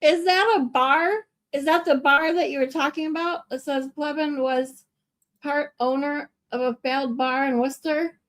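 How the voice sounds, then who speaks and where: A woman's voice: high-pitched, fairly even intonation, normal speed, fairly bright tone. A woman hosting a livestream who reacts to clips in a bewildered, exasperated way and swears in her asides. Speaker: livestream host. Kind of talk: casual reaction commentary.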